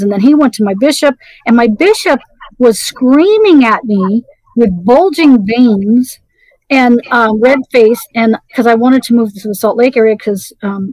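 Halting middle-aged woman telling her story. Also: a little high, darkish tone, no room sound, low-quality recording. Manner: halting, many restarts and fillers. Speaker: interview guest. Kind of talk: personal story in conversation.

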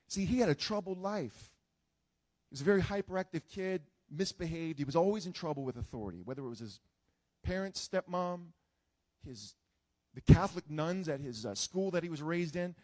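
A man's voice: mid-range voice, lively intonation, normal speed, warm tone. A man preaching a sermon as a pastor, telling a story earnestly with frequent restarts.

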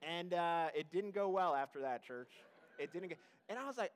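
A man's voice: sits high, sing-song, moderate pace, fairly bright tone. A man in his thirties, a pastor giving a sermon in church, telling stories in a casual, self-deprecating way with asides to the congregation. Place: church service.

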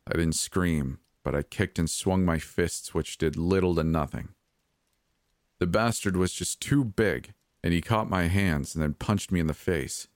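A man narrating a horror story in a steady, measured reading. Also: a bass voice, no room sound, clean studio sound.

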